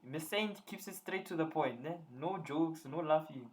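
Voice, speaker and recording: A man's voice: fairly high pitch, normal speed. Man, young, playful teasing tutor, live online class. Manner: playful, teasing, joking with students.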